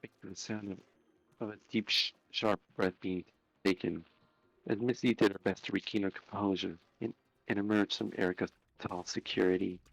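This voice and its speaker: A man narrating a fan story aloud on a live stream, unhurried, with small slips and restarts. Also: low voice, steady tone, gravelly, no room sound, poor audio.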